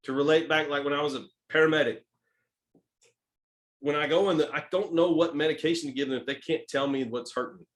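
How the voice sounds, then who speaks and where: A sales coach with a Texan accent delivers his training talk briskly, his voice on the high side and his intonation fairly even. He stays emphatic, alternates loud stresses with soft asides, and keeps checking in with "right?" and "okay?"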